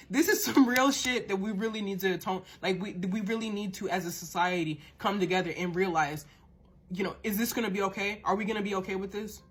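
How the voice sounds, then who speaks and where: A woman hosts a podcast alone and delivers a heated, profane rant, circling back on her words as her passion builds. Her voice is husky and a little breathy and sits at a middling pitch. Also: a little fast. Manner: repeats and restarts words when worked up. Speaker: podcast host. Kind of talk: impassioned podcast monologue.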